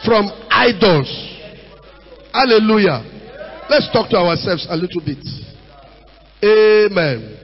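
Nigerian male pastor, very high voice, animated and shouting, dull recording. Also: takes it slowly, long pauses. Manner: animated preaching with shouts, mimicry and Pidgin asides. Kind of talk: sermon. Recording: dull sound in a reverberant hall.

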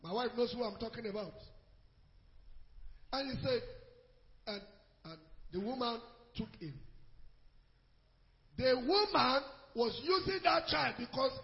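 A man preaching a sermon, telling a story that moves between loud exhortation and low, quiet narration. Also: animated, unhurried, vocal fry, long pauses, in a large hall, muffled recording. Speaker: pastor.

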